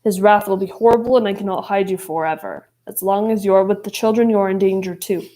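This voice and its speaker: A woman voicing a gloomy, brooding male god of the dead, speaking low and pleading. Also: fairly even intonation, fairly quick, warm tone, lightly acted.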